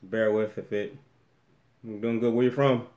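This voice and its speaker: A man's voice: on the low side, little pitch movement, a little slow, a little mellow, echoey room. A man hosting a casual live-stream Q&A from a room at home, rambling and restarting often as he reads the chat aloud. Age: adult with a daughter.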